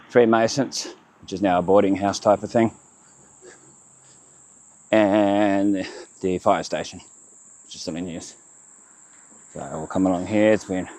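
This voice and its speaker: Walking the riverside streets of his Australian town, a man with a fairly low, somewhat dark voice offers rambling tour commentary. He chats casually in short fragments, often correcting himself along the way.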